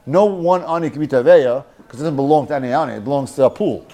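A man teaching a lively Talmud class, mixing Hebrew and Yiddish terms and joking with his students. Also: medium pitch, fast.

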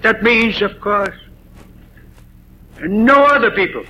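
A man preaching a sermon, deliberately stressing single words, with frequent "uh" pauses. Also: high-pitched, animated, pushed and bright, highs cut off, slight background noise.

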